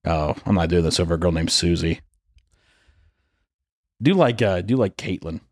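A man's voice: low-pitched, expressive, normal speed, dry recording, studio quality. A young man co-hosting a comedy podcast, riffing jokily and dropping into silly put-on voices. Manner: jokey, riffs and slips into put-on voices. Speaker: podcast co-host. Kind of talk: casual comedic banter.

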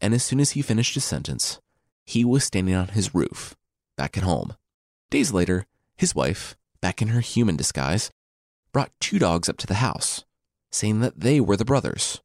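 A man's voice: lowish voice, very animated, normal speed, a little mellow, no echo, clean studio sound. A man telling a story as comedy, with irreverent, sarcastic asides.

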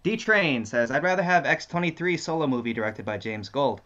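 A man's voice: mid-range voice, animated, brisk, fairly bright tone, lo-fi sound. A male co-host reading viewer messages aloud in an easygoing, casual way. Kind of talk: casual chat.

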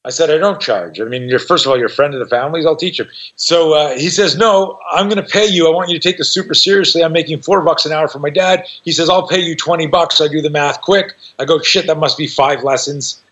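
Brief: man, 60s, self-defense teacher, raised-pitch lively storyteller, cussing, lo-fi dull recording. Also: brisk, few pauses. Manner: profane, animated, acts out voices in his stories. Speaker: self-defense instructor, guest. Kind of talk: storytelling in a conversation. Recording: dull lo-fi sound.

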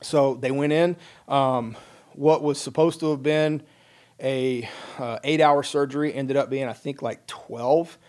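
A man's voice: medium pitch, steady tone, a little slow, a little mellow. A middle-aged man, a military veteran, telling a personal story in a casual podcast chat, wry and plain-spoken, acting out the dialogue.

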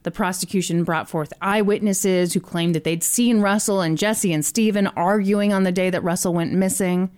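A woman's voice: lowish voice, fairly even intonation, normal speed, few pauses, a little mellow, smooth. A woman podcast host telling a story in a casual, chatty way, laughing between lines.

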